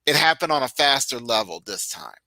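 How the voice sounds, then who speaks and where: Bright-voiced man talking fight analysis. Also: mid-range voice, fairly quick, no echo, poor audio. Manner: animated, emphatic storytelling. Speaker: podcast co-host. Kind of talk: casual sports chat.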